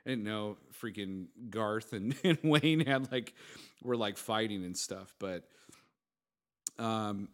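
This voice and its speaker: A young man co-hosting a podcast, chatting casually and excitedly, often laughing and acting out movie lines. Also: lowish voice, takes it slowly. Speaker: podcast co-host. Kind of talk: casual chat.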